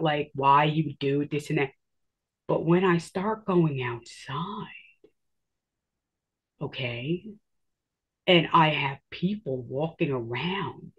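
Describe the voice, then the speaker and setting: A woman with a husky, slightly rough voice tells a personal story in a loose, rambling way. She leans on filler words and acts out what people said as she goes. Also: on the low side, dull audio.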